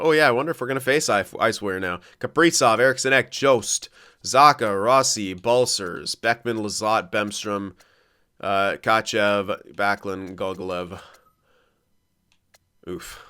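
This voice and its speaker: A young man casually commentating his own hockey game, excitable, thinking aloud and swearing often. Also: fairly low pitch, clean tone. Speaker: gaming commentator.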